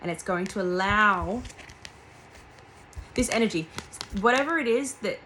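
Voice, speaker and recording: A woman's voice: mid-range voice, expressive, unhurried, bright, forceful tone, slight background noise, poor audio. Rambling young woman doing a tarot reading. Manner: rambling and heartfelt, with frequent fillers and restarts. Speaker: tarot reader. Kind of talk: casual tarot reading monologue.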